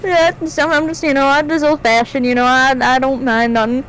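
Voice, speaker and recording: Woman doing a mock Southern US drawl, stubborn old-fashioned guy, high voice, teasing. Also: steady tone, brisk, a bit bright, a little hiss or hum. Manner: mocking, drawling.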